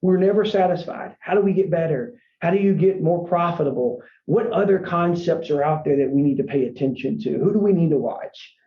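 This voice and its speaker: A man who runs a franchise company, guest on a podcast, telling his story in an earnest, rambling way and often saying "man". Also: high voice. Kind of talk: casual storytelling interview. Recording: echoey room, dull lo-fi sound.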